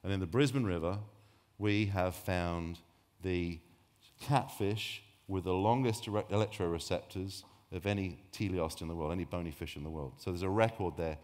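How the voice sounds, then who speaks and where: A man's voice: deep voice, normal speed, a little mellow. A man giving a public science talk on sharks, rambling and joking, often breaking off mid-sentence. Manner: rambling, jokey, self-interrupting. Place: lecture hall. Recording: long hall reverb.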